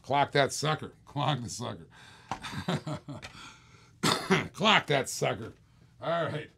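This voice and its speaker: A man hosting a live-streamed toy car auction, calling bids in quick repeated bursts with chatty asides to viewers. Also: medium pitch, expressive, creaky, pushed and bright, slight background noise. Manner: rapid repetitive bid calling, chatty asides. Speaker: auctioneer host.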